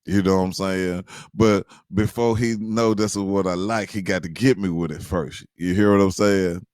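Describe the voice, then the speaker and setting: A man casually telling a funny personal story to his viewers, animated, addressing them directly and often checking that they follow. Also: sits low, moderate pace, no room sound, studio quality. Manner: animated, addresses listeners directly, many fillers.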